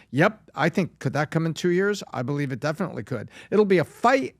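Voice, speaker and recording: A man's voice: a little high, animated, fairly quick, hardly any pauses, no room sound, studio quality. A man on a podcast panel giving confident, emphatic opinions. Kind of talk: casual panel discussion.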